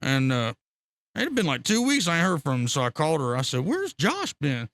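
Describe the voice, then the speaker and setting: A man telling fishing stories as a podcast guest, excitable and profane, laughing often. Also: medium pitch, quick pace. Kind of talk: casual storytelling.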